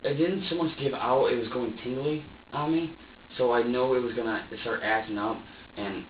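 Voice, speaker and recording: In an interrogation room, a male suspect under police questioning gives a rambling, profane account full of restarts, acting out what he was thinking. His mid-range voice moves at normal speed. The recording is distant, echoey and dull, with a little hiss or hum.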